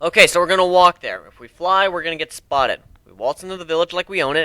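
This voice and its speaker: A man's voice: a little high, sharp tone, clear, resonant tone, no room sound. A man reading a story aloud in the first person, brash and crude with a casual swagger. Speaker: amateur reader.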